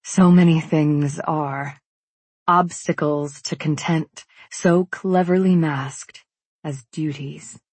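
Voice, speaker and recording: A woman narrating a first-person fantasy novel in a calm, reflective way. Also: deep voice, takes it slowly, breathy edge, dry recording. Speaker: audiobook narrator.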